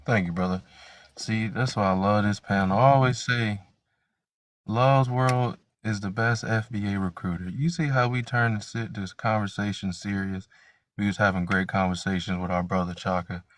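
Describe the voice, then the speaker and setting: Combative low-voiced man on a panel. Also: fairly even intonation, normal speed. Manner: combative, preachy. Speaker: debate panelist. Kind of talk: heated live debate.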